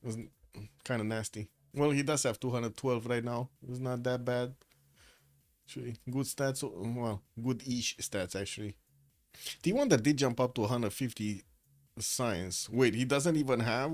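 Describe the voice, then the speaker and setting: A man giving casual solo commentary on a strategy game match, rambling with frequent pauses and restarts, and he has the hiccups. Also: mid-range voice, darkish tone. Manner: rambling, hesitant, many uh fillers and restarts. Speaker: esports caster.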